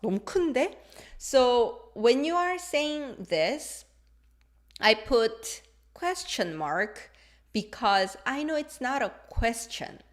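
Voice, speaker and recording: A woman's voice: a little high, sing-song, slow. A woman whose first language is Korean, teaching a live online language lesson, switching between English and Korean, playful, reading out viewer comments.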